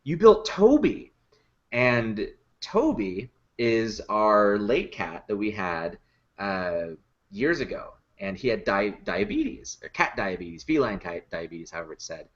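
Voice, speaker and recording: A very animated man with a lowish, slightly bright voice tells stories about building and performing puppets in a laid-back podcast conversation. He keeps a measured pace, laughs easily and uses lots of fillers. The sound is lo-fi.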